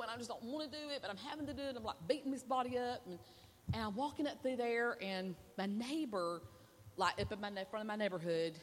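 A woman's voice: a little high, fairly bright tone. A woman, a preacher's wife, delivering a sermon in a chatty, conversational way with asides to the audience. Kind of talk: sermon with personal storytelling. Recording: long reverb of a large hall.

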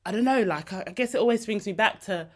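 A woman hosting her own podcast, telling stories in a lively, emotional way and laughing easily. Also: medium pitch, quick pace. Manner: animated storytelling, laughs and gets emotional easily. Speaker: podcast host. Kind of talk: casual solo podcast chat.

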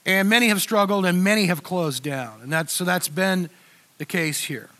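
An older male pastor preaching to his church in an easygoing way. His voice sits high for a man, and he often stops and restarts mid-thought. It sounds unscripted, like a pastor talking straight to his people. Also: sharp tone. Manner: conversational, halting with many restarts. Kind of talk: sermon.

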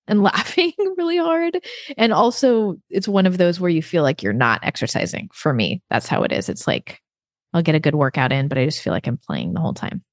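A woman's voice: lowish voice, no echo. Chatty woman podcast host, dry close sound. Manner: chatty, laughs often, animated quoted dialogue. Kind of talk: casual solo podcast storytelling.

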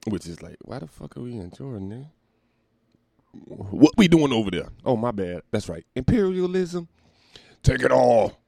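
Gravelly, animated man ranting on a podcast. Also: on the low side, moderate pace, no room sound, studio quality. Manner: animated, profane, laughs often. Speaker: podcast host. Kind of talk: casual profane rant.

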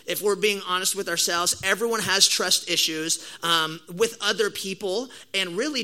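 A young adult man giving a sermon, opening with a casual, animated story full of slang before turning to the message. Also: high voice, moderate pace, few pauses, poor audio. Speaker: pastor.

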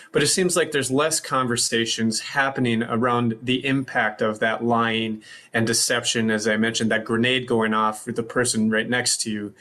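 A man's voice: mid-range voice, a bit bright. A man hosting a podcast, speaking in a conversational, reflective way. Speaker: podcast host. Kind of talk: podcast interview.

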